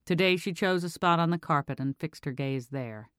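A calm audiobook narrator reading fiction with a smooth, resonant voice. The sound is close and dry, with no room behind it. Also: medium pitch, moderate pace, dry recording.

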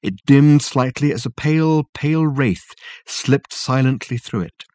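A man narrating an audiobook in a measured, wry storytelling manner. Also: mid-range voice, a little mellow, no echo. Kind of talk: scripted narration.

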